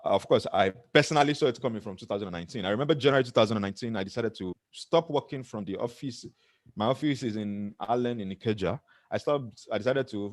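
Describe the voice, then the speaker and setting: A man's voice: lowish voice, expressive, fast talker, dry recording. Earnest Nigerian man, motivational speaker. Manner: earnest, laughs often at himself. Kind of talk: motivational talk to camera.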